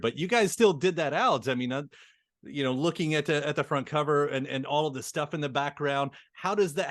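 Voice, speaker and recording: A man's voice: mid-range voice, no echo, clean studio sound. A man hosting an interview, asking long, rambling questions full of restarts. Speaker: podcast interviewer.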